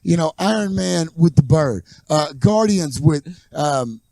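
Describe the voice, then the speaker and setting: A man hosting a podcast, telling stories in casual chat and acting out quotes loudly. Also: on the high side, a little slow, gravelly. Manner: animated storyteller, acts out quotes. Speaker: podcast host.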